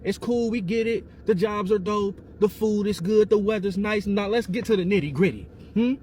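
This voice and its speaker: A man talking in a casual commentary video, animated and joking, firing off rhetorical questions. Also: sits high, moderate pace, slight background noise. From United States.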